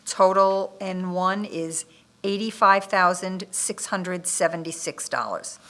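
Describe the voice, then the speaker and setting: A woman at a town bid opening reads item codes and dollar amounts in order. She speaks slowly and deliberately, with a crisp, bright tone. Her delivery stays steady and methodical from one figure to the next. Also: mid-range voice. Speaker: municipal official reading bids. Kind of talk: reading bid figures aloud at a public opening. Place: town government meeting room.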